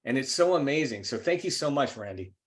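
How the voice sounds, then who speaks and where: A man of middle pitch talks loosely and openly on a video call. He circles back often and fills gaps with "you know". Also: expressive, fairly quick. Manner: rambling, many restarts and "you know"s. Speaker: participant on a group call. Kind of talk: casual heartfelt sharing.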